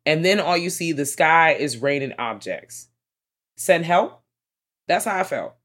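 An excitable co-host chatting through a movie review, rambling and cursing freely. The voice sits at a middle pitch. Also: unhurried. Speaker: podcast co-host. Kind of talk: casual movie review chat.

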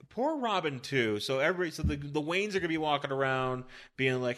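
A man chatting casually, tossing in jokes and salty remarks. His voice sits a little high for a man, and his asides come in short bursts. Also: lively intonation, normal speed, fairly bright tone. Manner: joking interjections, profane. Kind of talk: casual chat.

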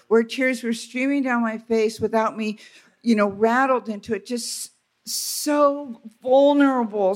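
A woman telling a candid, self-deprecating story on stage at a live retreat, halting with restarts. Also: on the high side. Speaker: retreat speaker.

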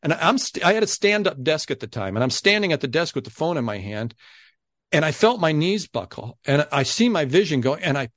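A man who is a guest on a podcast, telling a story in a casual, animated way and acting out the people he quotes. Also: on the high side, a little fast, no echo, studio quality.

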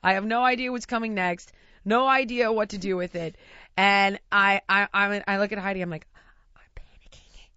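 A woman from the United States tells a comic anecdote in relaxed conversation, bouncing between narration and acted-out quotes with plenty of laughter. Her voice sits at an ordinary middle pitch. The recording is dry and slightly dull. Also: moderate pace, clean tone, no echo. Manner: animated, laughs through her own story, acts out quotes. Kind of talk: casual storytelling chat.

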